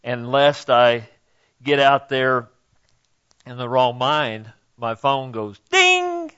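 Folksy older preacher, muffled sound. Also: male voice, medium pitch, big pitch swings, slow pace, a bit bright, clear, resonant tone. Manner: folksy, conversational preaching with asides to the congregation. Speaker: pastor. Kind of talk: sermon.

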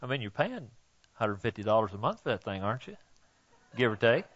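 A man's voice: medium pitch, sing-song, fairly quick, a bit bright, dull audio. An older man preaching a sermon in a folksy, conversational way, speaking directly to the congregation. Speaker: pastor.

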